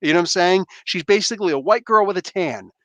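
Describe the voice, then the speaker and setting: A man in his thirties hosting a casual livestream chat from home on a headset mic, rambling and animated with lots of fillers and restarts. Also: high voice, fast, no room sound. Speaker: livestream host. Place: home room. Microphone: gaming headset.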